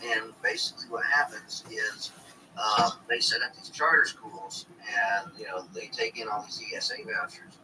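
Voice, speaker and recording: A man's voice: fairly low pitch, normal speed, distant mic, noisy background. A man in a casual discussion who speaks indignantly, with many hesitant fillers. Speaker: local official.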